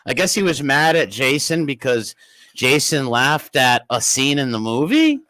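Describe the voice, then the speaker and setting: A man's voice: medium pitch, sing-song, unhurried, pushed and bright, no echo. Rambling man hosting a livestream. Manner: rambling, reads chat names aloud. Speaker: livestream host. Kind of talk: casual livestream chat.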